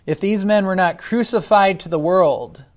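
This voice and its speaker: A man preaching a sermon, deliberate, rising loud when he quotes scripture and dropping soft between points. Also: sits high. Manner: deliberate, swells loud on scripture then drops quiet.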